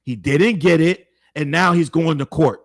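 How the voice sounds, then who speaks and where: A man's voice: fairly high pitch, a little slow. A man hosting a commentary show, giving blunt, heated opinions in slangy speech and repeating his points for emphasis. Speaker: show host.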